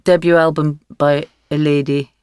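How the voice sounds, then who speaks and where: A woman in her sixties, a guest author in a podcast interview, telling stories in a wry, lively way with frequent laughs. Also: deep voice, normal speed, clean tone, dry recording, studio quality.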